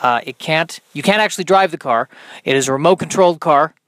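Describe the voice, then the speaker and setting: A young man with a high tenor voice hosting a solo podcast, rambling in a dry, self-mocking way with many ums and restarts. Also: brisk, a bit bright, dry recording. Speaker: podcast host. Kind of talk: solo comedic podcast monologue.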